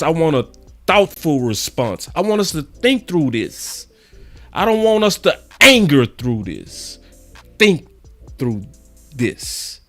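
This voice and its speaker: The voice is on the high side and a bit bright as this man hosts his own sports channel. He rants through a fired-up fan monologue, slangy, preachy and repetitive, driving each point home.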